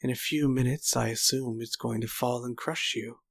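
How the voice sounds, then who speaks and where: A man's voice: mid-range voice, fairly even intonation, normal speed, gravelly, a bit bright. A man voicing a sly older male swordsman who mocks and taunts with false politeness. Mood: mocking. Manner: sneering, condescending, mock-polite.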